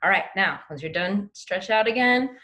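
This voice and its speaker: A woman teaching artist leading a home lesson, lively and encouraging as she demonstrates each exercise. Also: medium pitch, normal speed, very noisy. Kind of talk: guided lesson for kids at home.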